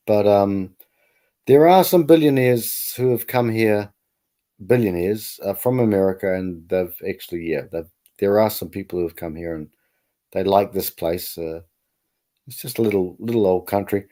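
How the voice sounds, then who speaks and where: A man's voice: lowish voice, moderate pace, mellow. A man, chatting casually in a rambling way, often repeating words. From New Zealand. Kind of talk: casual chat.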